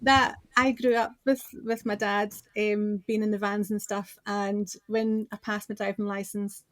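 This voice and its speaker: A woman's voice: mid-range voice, flat delivery, unhurried, no echo. A woman in her forties with a Scottish accent, telling stories as a podcast guest in a chatty way with many restarts. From Scotland. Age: 40s. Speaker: guest, business owner and designer. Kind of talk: casual interview chat.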